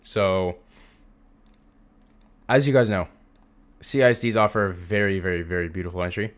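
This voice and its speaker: A low male voice with fairly even intonation and a moderate pace belongs to a young trading instructor. Teaching over a screen share, he stays casual and emphatic, repeating words for emphasis.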